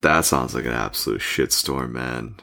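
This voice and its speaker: Casting: man with an extremely deep, gravelly voice, laid-back casual chatter. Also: normal speed, bright, forceful tone. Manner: laid-back, lots of murmured agreement. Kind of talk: casual chat.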